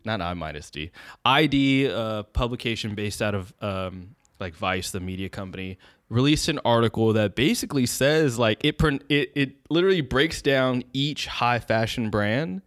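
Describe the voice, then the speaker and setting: A man's voice: mid-range voice, clear, resonant tone, no room sound. Rambling casual young man, dry sound. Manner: rambling, loose and profane, searches for words. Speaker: podcast co-host. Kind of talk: casual chat.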